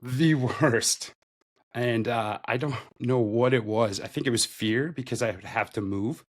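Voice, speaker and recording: A man's voice: mid-range voice, measured pace. A man in his thirties, a podcast guest, recounting his career in a loose, conversational interview style, with lots of "like". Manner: loose and conversational, heavy use of "like". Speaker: podcast guest, retail store manager. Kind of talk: casual interview storytelling.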